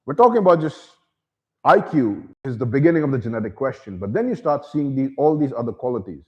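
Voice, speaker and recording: A man's voice: mid-range voice, quick pace, highs cut off. Man ranting with a swooping voice. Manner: animated, slips into mocking voices, calls himself by name. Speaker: channel host. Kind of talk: opinion monologue.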